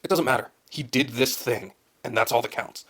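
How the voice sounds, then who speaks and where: A man's voice: mid-range voice, moderate pace, fairly bright tone. A man delivering a contemptuous, lecturing monologue, played back sped up to double speed. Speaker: video commentator.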